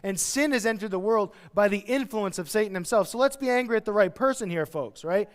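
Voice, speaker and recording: A man, a pastor, preaching a verse-by-verse sermon with animated delivery, acting out everyday voices. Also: high-pitched, a little fast, clean tone, in a large hall. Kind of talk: expository sermon. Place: church.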